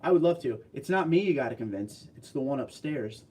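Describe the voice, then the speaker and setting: A man's voice: mid-range voice, expressive, brisk, a little mellow, slightly rough, distant mic. A man hosting a casual livestream, chatting loosely and answering viewer questions as they come in. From California. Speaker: livestream host. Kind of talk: casual livestream chat reading viewer comments.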